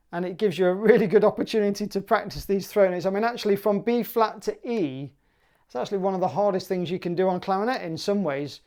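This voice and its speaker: A woman's voice: medium pitch, warm tone. A woman teaching clarinet for a music exam, upbeat and chatty, singing rhythms aloud.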